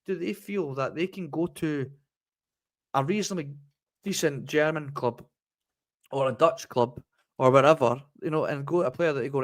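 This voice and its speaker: A man's voice: on the high side, moderate pace, long pauses, no room sound. Dry-sounding man telling stories. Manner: storytelling, acting out haggling exchanges. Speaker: podcast co-host. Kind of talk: casual football chat.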